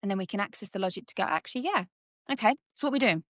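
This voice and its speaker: A woman coach speaks at an ordinary middle pitch, explaining how thoughts and emotions work in a chatty, animated way. She slips into quick voices for little scenes. The sound is close and dry, with no room echo. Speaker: subconscious coach guest. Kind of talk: conversational coaching chat.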